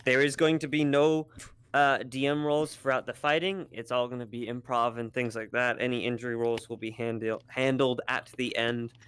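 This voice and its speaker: A man's voice: mid-range voice, fairly even intonation, moderate pace, a bit bright, clean tone, dry recording. A man acting as game master, explaining the rules of a roleplay session in a matter-of-fact way.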